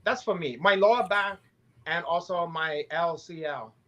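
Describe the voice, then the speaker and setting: A man with a somewhat high voice talks in loose, profane podcast banter full of jokes. His audio comes through a little dull and muffled, like a remote feed. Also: a little slow, fairly bright tone. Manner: crude, joking, loose and profane. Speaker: co-host.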